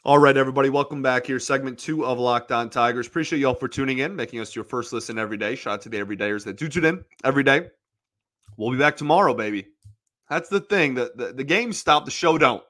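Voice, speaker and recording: A man's voice: mid-range voice, fast, a bit bright, no echo, studio quality. A man hosting a sports podcast in a casual, emotional monologue, rambling with frequent restarts and repeated words. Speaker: podcast host.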